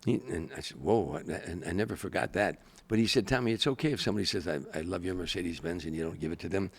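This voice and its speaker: An older comedian telling stories in an interview, animated and acting out the people he quotes. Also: low voice, fast, creaky, slightly rough. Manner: animated storyteller, acts out quoted voices. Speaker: guest, comedian. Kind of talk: storytelling interview.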